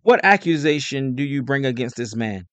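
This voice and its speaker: A man's voice: medium pitch, lively intonation, normal speed, no room sound, close to an everyday voice. A man voicing a stern, uneasy Roman governor who presses with firm questions.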